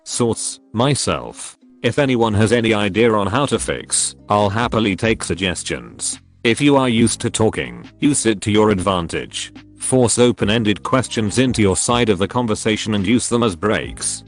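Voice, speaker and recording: Low-voiced man reading forum posts. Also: normal speed, soft background music. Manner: even reading that spells out acronyms letter by letter. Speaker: narrator. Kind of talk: scripted narration of forum posts.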